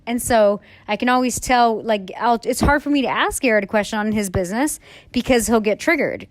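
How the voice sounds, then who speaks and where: A salon owner in her thirties talks candidly on a casual podcast, rambling with plenty of fillers and the occasional swear word. Her voice is fairly high-pitched and brisk, with no echo.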